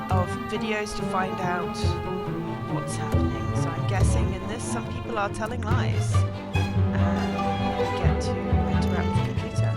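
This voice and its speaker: A woman streaming a video game from home, chatting casually and making wry remarks at the screen through a desk mic. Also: medium pitch. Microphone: desk mic, levels uneven.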